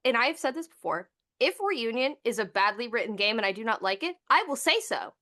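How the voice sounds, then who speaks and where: A woman hosting a casual chat, animated, laughing often and swearing freely. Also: on the high side, a little fast. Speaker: host.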